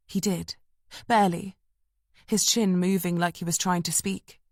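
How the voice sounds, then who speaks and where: A woman narrates a thriller audiobook in a measured, tense storytelling manner. Her voice sits low for a woman, and the recording is dry and close. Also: fairly even intonation, dry recording. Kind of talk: scripted narration.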